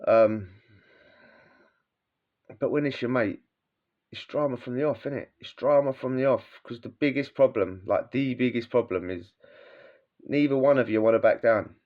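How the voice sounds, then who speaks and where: A man's voice: mid-range voice, moderate pace, pauses often. A man with a British accent telling prison stories in a casual, slangy way, swearing freely and laughing as he talks. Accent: British English. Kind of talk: casual storytelling. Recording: dull lo-fi sound.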